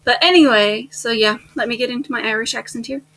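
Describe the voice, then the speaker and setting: A woman hosting a let's-play, chatting casually with bubbly, jokey energy and sudden high exclamations. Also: quick pace, fairly bright tone. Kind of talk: casual gaming chat.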